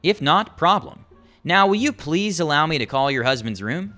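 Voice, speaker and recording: A man's voice: fairly high pitch, sing-song, moderate pace, sharp tone. A man voicing a firm polite desk clerk. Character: calm firm male hotel front desk supervisor.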